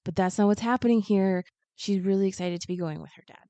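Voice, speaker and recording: A woman retelling a children's picture book in a relaxed podcast chat, lively and expressive as she slips into the characters' lines. Her voice is mid-pitched and expressive. The sound is dry and a little dull, like a simple home setup. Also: dry recording. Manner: animated, acts out characters' lines in quick asides. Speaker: guest.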